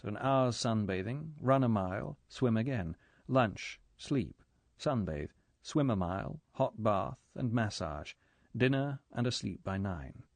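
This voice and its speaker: A man reading an audiobook in measured, even scripted narration. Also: lowish voice, vocal fry, dry recording.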